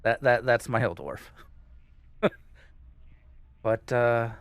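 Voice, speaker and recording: A man's voice: medium pitch, takes it slowly, no echo. A man co-hosting a casual gaming podcast, rambling and hesitant as he chats. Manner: rambling, hesitant, many fillers and restarts. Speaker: co-host.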